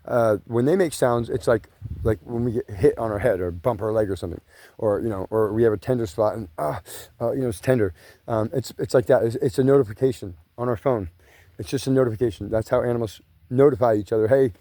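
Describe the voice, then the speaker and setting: A man's voice: mid-range voice, fast, warm tone, no echo. A man, rambling casually and profanely while pacing along grassland trails outdoors. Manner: rambling, profane, says "you know" and "bro" a lot. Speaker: vlogger.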